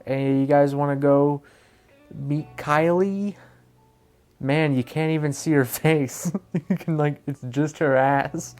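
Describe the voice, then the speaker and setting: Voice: medium pitch, fairly even intonation, slow pace, a little mellow, faint music behind. Rambling sarcastic commentary vlogger. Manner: rambling, sarcastic, swears freely, self-deprecating. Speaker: commentary YouTuber. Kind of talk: casual reaction commentary.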